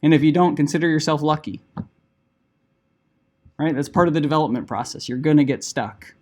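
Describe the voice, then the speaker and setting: A man's voice: a little high, fairly quick, darkish tone. A middle-aged man teaching a class, explaining a project in a casual, conversational way full of "like" and "right?" asides. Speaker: instructor. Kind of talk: classroom lecture.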